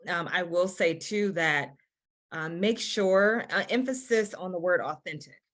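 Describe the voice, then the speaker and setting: A woman admissions counselor speaks in a lowish voice, giving earnest, encouraging guidance to students. She often restarts and repeats words as she goes. She is heard over a video-call webinar. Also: a little slow, a bit bright. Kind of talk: webinar advice talk.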